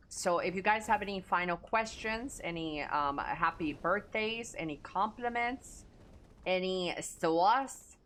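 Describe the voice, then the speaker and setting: Unhurried woman streamer with a lively pitch. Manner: reads chat aloud and answers casually, swearing freely. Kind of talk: casual live-stream chat.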